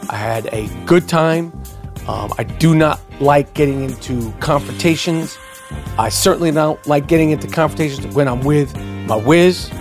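Man, podcast host, angry unedited rant, profane, repetitive, high-pitched. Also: moderate pace, music in the background. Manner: profane, worked up, repeats words.

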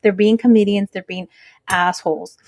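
A woman's voice: mid-range voice, steady tone, a little mellow, no room sound. A middle-aged woman co-hosting a podcast, chatting candidly about her daughter and swearing freely. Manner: candid, swears freely, talks in quick asides. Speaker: podcast co-host. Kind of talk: casual chat.

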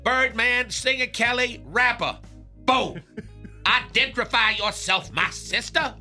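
A man's voice: extremely high pitch, slow pace, pushed and bright, heavily acted. A man playing a crude, boastful radio character who invents long words and laughs through his lines on a morning comedy show, with music underneath.

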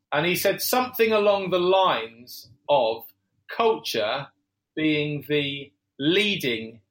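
A man's voice: fairly high pitch, fairly bright tone. A man speaking as a business founder guest on a podcast, talking reflectively with fillers and self-corrections. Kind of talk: conversational interview answers.

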